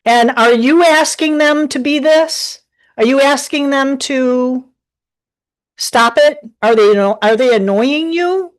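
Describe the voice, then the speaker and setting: A woman's voice: sits high, slow pace. A woman giving a casual live tarot reading from her desk at home, talking in a rambling, chatty way with many restarts. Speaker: tarot reader.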